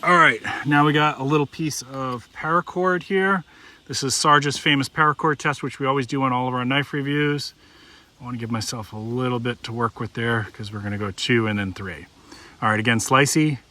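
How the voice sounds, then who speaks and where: Middle-aged man, knife reviewer, bright, folksy and conversational, shows as he talks. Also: medium pitch, moderate pace. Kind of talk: casual product review.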